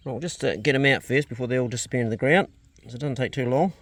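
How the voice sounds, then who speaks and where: A man's voice: medium pitch, rapid-fire, a bit bright, slight background noise. A man with a New Zealand accent vlogging casually outdoors on his farm, chatting to the camera and talking to his dogs and animals. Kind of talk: casual farm vlog narration.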